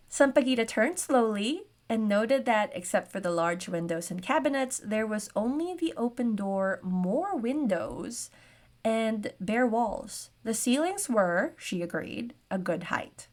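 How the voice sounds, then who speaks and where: A woman's voice: mid-range voice, lively intonation, a little slow. A woman narrating a solo tabletop game as game master, with chatty, self-aware asides.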